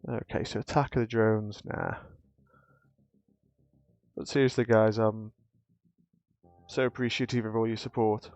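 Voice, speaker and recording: A man's voice: on the low side, little pitch movement, unhurried, pauses often, a little mellow, no echo. Man, streamer, casual chat, emotional and grateful, rambling restarts, dull lo-fi sound, faint music behind.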